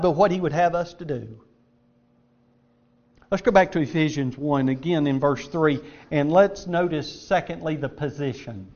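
Emphatic high-voiced man preaching. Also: highs cut off. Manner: emphatic, repeats words for stress. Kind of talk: sermon. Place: auditorium.

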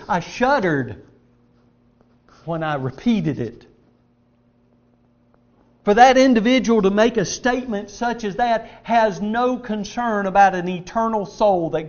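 A man's voice: sits high, expressive, measured pace. A middle-aged man preaching an emphatic, earnest sermon, reading scripture aloud. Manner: earnest, emphatic preaching with varied loudness and pace. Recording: dull lo-fi sound.

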